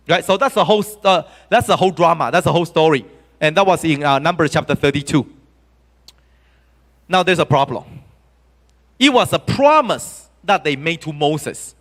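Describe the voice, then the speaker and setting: A male preacher delivering a sermon in a church, with a fairly high voice that swings widely in pitch. He tells the story with animated energy and keeps asking the congregation questions. A long church-hall reverb trails behind every phrase. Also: normal speed.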